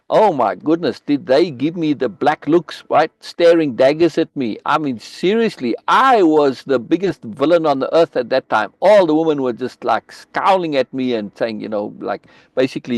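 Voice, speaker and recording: A man's voice: a little high, no room sound. An older man from South Africa hosting a live stream, telling a rambling story with many restarts as he discusses a book. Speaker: host reading and discussing a book. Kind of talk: casual live-stream talk.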